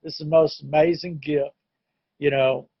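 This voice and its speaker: A man's voice: a little high, fairly even intonation, moderate pace, gravelly, slightly rough, no echo, dull audio. A middle-aged man telling his own recovery story in an earnest, plain-spoken way. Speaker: recovery meeting speaker. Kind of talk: personal testimony talk. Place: home, online meeting.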